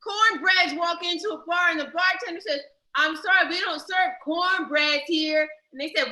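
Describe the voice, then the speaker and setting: A woman playing an improv joke game on a video call, eager and bright. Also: extremely high pitch, moderate pace, a little hiss or hum. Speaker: improv player. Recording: roomy call audio.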